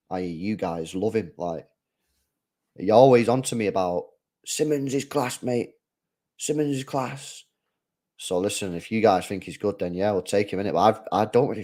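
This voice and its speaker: This young man's voice sits lowish with a darkish tone. He hosts a live football watchalong, offering relaxed match commentary and talking to viewers in slang, often rambling and restarting his sentences.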